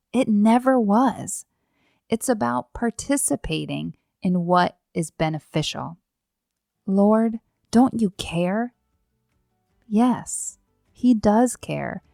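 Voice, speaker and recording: A woman's voice: mid-range voice, lively intonation, slow, vocal fry, a little mellow, no room sound, clean studio sound, faint music behind. A middle-aged woman hosting a devotional podcast, speaking in an earnest, reflective way with rhetorical questions and repeated phrases. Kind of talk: devotional talk.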